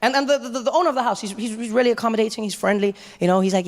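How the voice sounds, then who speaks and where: A man's voice: sits high, steady tone, racing, in a large hall. A man in his thirties with a South African accent, performing a stand-up set with conversational storytelling and asides. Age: 30s. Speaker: stand-up comedian.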